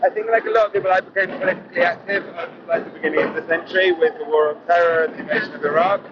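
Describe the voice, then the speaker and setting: A man's voice: sits high, steady tone, racing. A man speaking as a climate activist in a street interview at a march, earnest and rambling, with lots of "you know". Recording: dull lo-fi sound, loud street noise.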